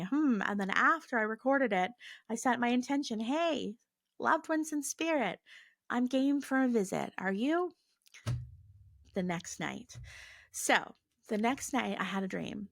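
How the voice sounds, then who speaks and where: A woman's voice: fairly low pitch, gravelly, no echo, studio quality. A woman in her forties hosting a podcast, telling a story in a casual solo talk and filling her sentences with "like". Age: 40s. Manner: chatty, many "like" fillers. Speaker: podcast host.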